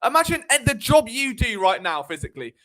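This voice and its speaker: A man hosting a live sports stream. He talks in an animated, sarcastic way and drifts into tangents. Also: very high-pitched, a little fast. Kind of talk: live sports commentary chat.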